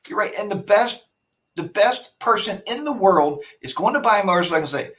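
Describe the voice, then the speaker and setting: A man hosting a laid-back live stream, rambling from one tangent to the next and ranting as he answers viewer comments. His voice sits a little on the high side, and he sounds somewhat distant from the microphone. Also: expressive, fairly quick, fairly bright tone. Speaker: host of a motorcycle chat show. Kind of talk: casual live-stream chat.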